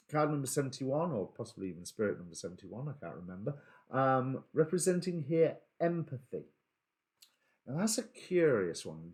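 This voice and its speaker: A man's voice: medium pitch, darkish tone. A man giving a casual spoken tarot reading, hesitant, with many ums and self-corrections. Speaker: tarot reader.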